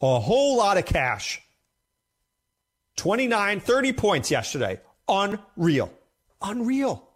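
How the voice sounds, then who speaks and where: Animated man talking fantasy football. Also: high voice, unhurried, long pauses. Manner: animated, emphatic, repeats himself. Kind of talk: casual commentary to camera.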